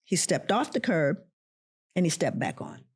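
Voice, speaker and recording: A middle-aged woman, a professor and podcast guest, telling a personal story in an animated way and acting out the voices of the people in it. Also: low-pitched, normal speed, breathy edge.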